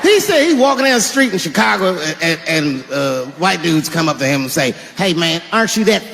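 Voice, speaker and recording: A man performing a stand-up comedy set, telling stories with animated delivery and bursts of shouting. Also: fairly high pitch, a little fast, gravelly, long reverb tail, noisy background.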